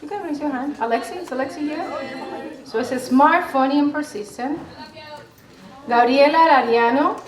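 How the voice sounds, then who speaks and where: Woman, bilingual ceremony host, slightly high voice, echoey hall, far mic. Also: normal speed, pauses often. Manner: reads out parents' messages, switching between Spanish and English. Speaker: ceremony presenter and interpreter. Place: large hall with crowd. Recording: roomy hall, distant mic, crowd noise.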